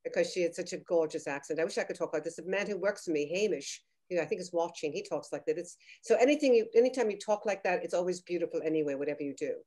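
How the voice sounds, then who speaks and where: Woman guest judge, effusive, rambling, lower register. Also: lively intonation, quick pace, few pauses, dark tone. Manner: gushing, rambling, restarts often. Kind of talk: casual judging on a video call. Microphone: video call.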